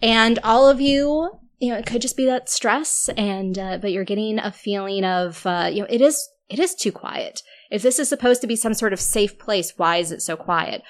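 A woman running a tabletop horror game as game master, narrating scenes and rules with halting restarts. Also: mid-range voice. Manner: hesitant, restarting phrases, explanatory.

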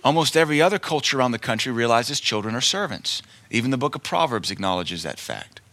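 A man's voice: medium pitch, big pitch swings, quick pace, sharp tone. A man preaching a sermon in an emphatic, folksy way, repeating his key lines and telling stories.

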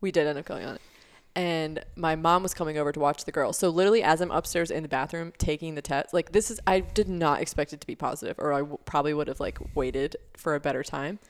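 Low-pitched and fast-talking, a young woman co-host tells a story on a podcast with hardly any pauses. The chat is casual, and she fills it with many fillers.

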